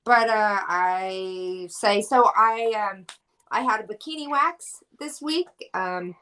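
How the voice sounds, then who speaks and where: A woman's voice: medium pitch, takes it slowly, bright, forceful tone, poor audio. A woman comedian telling a joke in a hesitant way, with many ums and uhs before she gets to the point. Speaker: comedian guest.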